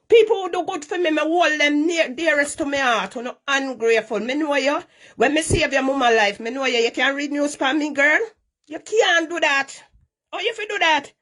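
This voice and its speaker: A woman's voice: high voice, a bit bright. A middle-aged Jamaican woman scolding at length on a live stream, repeating herself in heavy Patois.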